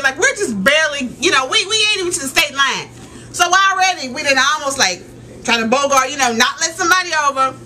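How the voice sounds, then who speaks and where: A woman in her thirties telling a story in a casual, animated rant, laughing and exclaiming as she goes. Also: high-pitched, fast, slight background noise. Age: 30s. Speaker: vlogger.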